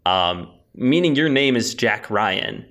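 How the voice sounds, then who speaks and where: A man's voice: on the low side, animated, slow pace, fairly bright tone. A man co-hosting a podcast, rambling through goofy comedic bits in casual chat. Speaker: podcast co-host.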